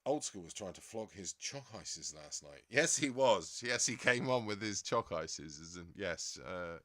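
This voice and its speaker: A man's voice: low-pitched, lively intonation, measured pace, a bit bright, no room sound. Rambling English man in a dry close mic. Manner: chatty and rambling, laughs often. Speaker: livestream host. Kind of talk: casual chat reading viewer comments.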